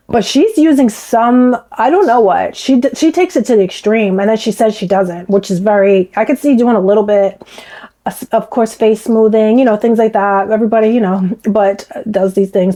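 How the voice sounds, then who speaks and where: Woman host, faint Bronx accent, dark mellow tone pitched a bit high, chatty and rambling vlog commentary. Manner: chatty, rambling, many restarts. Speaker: commentary vlogger. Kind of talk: casual commentary on a clip.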